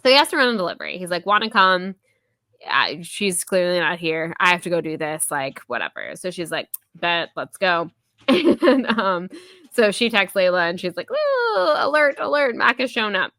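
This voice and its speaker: A woman hosting a podcast, chatting casually about a book, full of fillers and quick voiced quotes from the characters. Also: fairly low pitch, sing-song, pushed and bright, no room sound. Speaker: podcast host. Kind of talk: casual book review chat.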